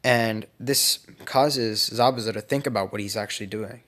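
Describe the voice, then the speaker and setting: A man's voice: lowish voice, normal speed, fairly bright tone. A young man casually narrating a fan-made story, speculative and rambling, often correcting himself.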